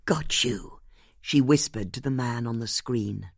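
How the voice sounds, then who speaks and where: An audiobook narrator reading a mystery in an expressive way. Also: mid-range voice, normal speed, vocal fry, no echo, clean studio sound.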